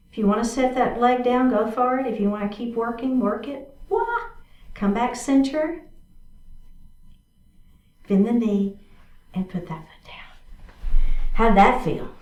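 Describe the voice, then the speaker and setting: A woman's voice: a little high, steady tone, unhurried, long pauses. Woman leading a yoga class, roomy sound. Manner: encouraging, cueing moves step by step with frequent check-ins. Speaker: yoga instructor. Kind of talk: guided exercise class instruction. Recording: roomy sound from a distant mic.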